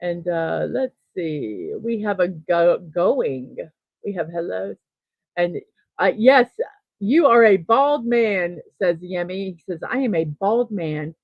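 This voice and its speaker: Slow, chatty woman hosting a morning stream. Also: fairly low pitch, expressive, no echo, muffled recording. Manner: slow, chatty, thinking aloud, with soft laughs. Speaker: host of a daily morning livestream. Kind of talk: casual livestream chat, reading chat messages.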